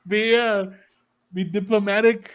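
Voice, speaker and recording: High-voiced man mixing in Spanish slang. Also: fairly bright tone, clear, resonant tone. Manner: slips into Mexican Spanish slang, teasing. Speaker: podcast co-host. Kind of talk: casual chat.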